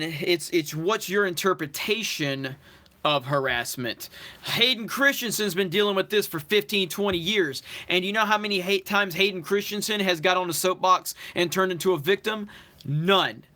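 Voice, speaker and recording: A man's voice: fairly high pitch, bright, forceful tone. A man hosting a live stream, reading out viewer comments one by one and answering them in a casual, talkative way. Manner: thanks viewers and reads their comments aloud.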